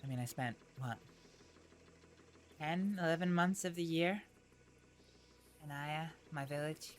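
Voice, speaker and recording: A woman voicing a young Faroese woman on the frontier, with a Faroese accent, talking softly and hesitantly with giggles. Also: sits low, a little slow. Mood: chatty. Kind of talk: western role-play.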